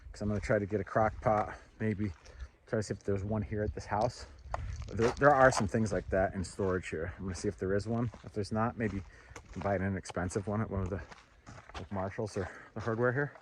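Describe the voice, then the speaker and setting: A man vlogging outdoors while walking his dog, rambling and thinking out loud with fillers, and slipping into high sing-song baby talk when he talks to the dog. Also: fairly even intonation, brisk, background noise. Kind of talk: casual outdoor vlog chat. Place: outdoors, walking near trees. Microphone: handheld camera.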